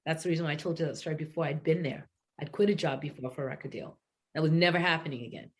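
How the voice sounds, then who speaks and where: Give me an animated middle-aged woman from New England who acts out every quote. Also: deep voice, racing. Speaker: singer and guest. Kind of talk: casual storytelling interview.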